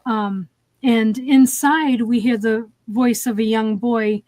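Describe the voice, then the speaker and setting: A woman's voice: on the high side, steady tone, slow, a little mellow, no echo. Rambling woman recapping a movie. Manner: retelling scenes with many fillers. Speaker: podcast host. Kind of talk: casual movie review chat.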